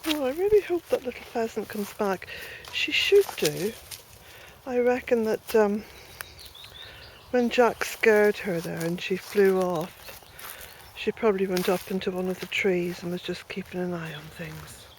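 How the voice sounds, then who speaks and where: A woman's voice: mid-range voice, unhurried. A middle-aged Irish woman from Ireland, chatting casually as she walks her garden, a bit out of breath and calling out to her dog now and then. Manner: chatty, calls loudly to her dog between quiet asides. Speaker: smallholder vlogger. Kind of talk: casual walk-and-talk garden tour. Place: outdoor rural garden. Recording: noisy outdoor camera audio.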